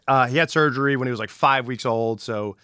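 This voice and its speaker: A man's voice: mid-range voice, brisk, bright, forceful tone, clean tone, no room sound, clean studio sound. A middle-aged man hosting a podcast, telling a story in casual chat, acting out quotes and swearing freely. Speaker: podcast host.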